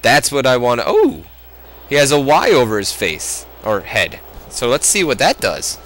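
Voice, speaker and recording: A man casually chatting while playing a wrestling video game, swearing loudly in excited outbursts. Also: medium pitch, normal speed, a little hiss or hum. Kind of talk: profane casual let's-play chat.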